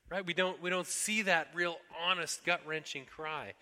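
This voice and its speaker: A man's voice: a little high, moderate pace, hardly any pauses, pushed and bright, in a large hall. A man preaching a sermon earnestly, now and then acting out pleas to God in a raised voice. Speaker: pastor.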